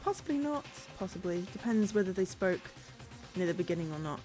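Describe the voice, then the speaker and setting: A woman's voice: lowish voice, animated, fairly quick, darkish tone, faint music behind. Chatty woman streamer. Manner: chatty, self-deprecating. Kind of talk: casual chat while reading a visual novel aloud.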